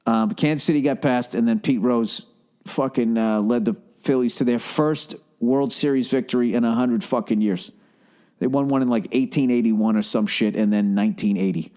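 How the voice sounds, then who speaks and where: A man's voice: mid-range voice, a little mellow. A man hosting a solo podcast in a rambling, profane monologue with sarcastic asides. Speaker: podcast host.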